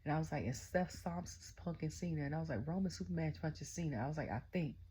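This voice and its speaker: A middle-aged woman casually recapping a wrestling event, excitable and chatty, constantly retelling her own reactions. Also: sits low, fast talker, slight background noise. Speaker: wrestling show reviewer. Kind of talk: casual rant-style recap.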